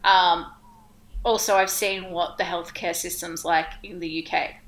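A woman's voice: fairly low pitch, fairly even intonation, a little slow, a bit bright. An Australian woman co-hosting a casual chat, talking in a chatty way with lots of fillers. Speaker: podcast co-host.

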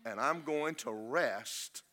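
A man's voice: medium pitch, slow, sharp tone. A man preaching a sermon as pastor, folksy and joking, then rising to emphatic preaching.

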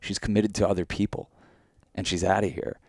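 A man co-hosting a podcast, telling a vivid dream in animated, casual chat full of fillers. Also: low-pitched, brisk, dry recording, studio quality. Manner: animated storytelling with many fillers. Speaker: podcast co-host.

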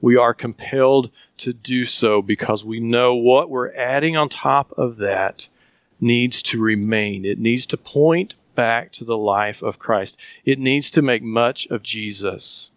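A man's voice: medium pitch, unhurried, no echo, clean studio sound. A man with a Southern US accent preaching a sermon as a pastor, earnest and emphatic, often asking questions.

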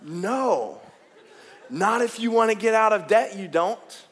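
A male pastor with a high voice preaching in an animated, joking way. He calls out to the congregation and teases them. His voice rings through a big hall with a long reverb tail. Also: takes it slowly. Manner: animated, jokey, calls out to the crowd. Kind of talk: sermon.

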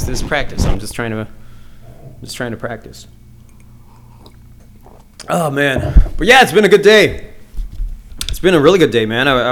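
A man hosting his own comedy podcast alone, talking in a profane, excitable, rambling way. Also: mid-range voice. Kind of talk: casual solo podcast monologue.

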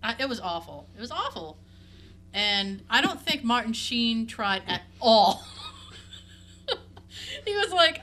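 A woman's voice: on the high side, sing-song, slow, pauses often, pushed and bright, slight background noise. A woman co-hosting a casual chat, candid and profane, laughing often.

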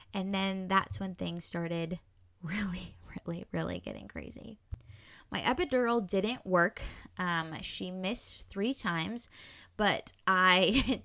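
Woman, low-pitched, earnest and emotional, dry close recording, nervous laughs between phrases. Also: a bit bright, no room sound. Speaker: new mother telling her birth story. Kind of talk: candid personal storytelling.

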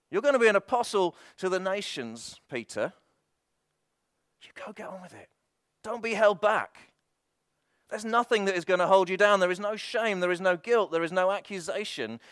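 A man's voice: sits high, lively intonation, moderate pace, fairly bright tone, clean tone, no echo, studio quality. A man preaching a sermon with an impassioned, repetitive cadence and frequent restarts.

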